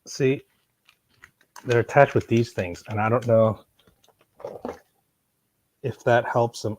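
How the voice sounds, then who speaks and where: A man talking casually to camera during an unboxing, rambling and swearing, with loud bursts of excitement, recorded at home on a camera mic. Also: fairly low pitch, unhurried, long pauses, low-quality recording. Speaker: vlogger. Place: someone else's home. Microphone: external mic on camera.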